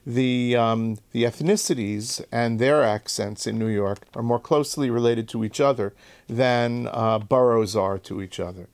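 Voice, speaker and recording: A man speaking as an expert interviewee, explaining in a measured, lecturing way with some hesitations. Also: medium pitch, a little mellow.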